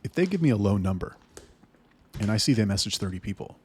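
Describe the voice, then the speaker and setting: A man's voice: lowish voice, very animated, quick pace, pauses often, darkish tone, breathy edge. A man talking to camera about managing his sales staff, blunt and heated, swearing often. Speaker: business owner talking to camera. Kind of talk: casual rant to camera.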